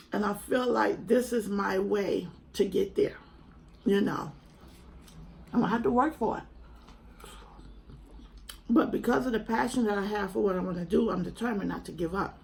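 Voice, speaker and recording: A woman's voice: mid-range voice, vocal fry, darkish tone, rough recording. A young woman, earnestly and chattily talking to camera at home in a vlog. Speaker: mukbang vlogger. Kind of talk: casual heartfelt chat to camera.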